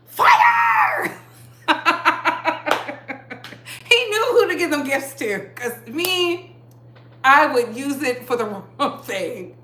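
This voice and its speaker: A woman's voice: sits high, expressive, takes it slowly, sharp tone. A woman hosting a casual live-stream gossip chat, chatty and laughing often as she greets viewers by name. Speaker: livestream host. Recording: echoey room.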